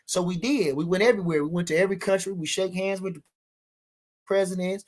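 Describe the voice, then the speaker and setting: A man's voice: sits high, fairly even intonation, fast talker. A man hosting a livestream and talking to his chat, boastful and profane, repeating lines for stress, loose and rambling with restarts and fillers. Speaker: livestream host. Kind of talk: live-stream rant answering chat.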